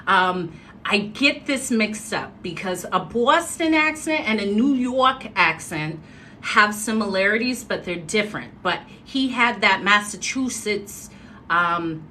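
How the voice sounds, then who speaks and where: A woman telling a story casually on a livestream, animated and expressive, acting out what people said. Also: mid-range voice, measured pace, a little hiss or hum. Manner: animated, expressive, acts out quotes. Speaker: motivational speaker.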